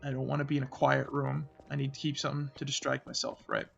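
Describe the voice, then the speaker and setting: Gravelly-voiced man telling a spooky story. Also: mid-range voice, completely flat delivery, muffled recording. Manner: rambling, halting, frequent "like" and restarts; uneasy, drops to a murmur when voicing his own fearful thoughts. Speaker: channel host. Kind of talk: casual storytelling.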